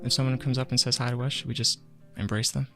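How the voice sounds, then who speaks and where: A man's voice: mid-range voice, fast talker, faint music behind. A man co-hosting a podcast, telling a rambling story in a casual chat and acting out what people said. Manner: animated storyteller who acts out what people said; rambling, with many fillers and self-corrections. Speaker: podcast co-host.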